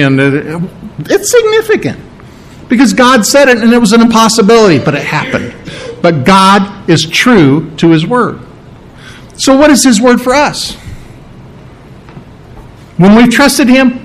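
A man's voice: high-pitched, poor audio. A man preaching a sermon, teaching from Scripture with emphatic repetition and acted-out quotes. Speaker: pastor.

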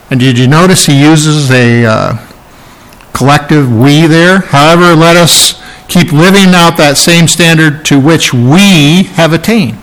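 A man's voice: a little high, fairly bright tone, rough recording. A man preaching an expository sermon, teaching earnestly and repeating phrases for emphasis. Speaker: pastor.

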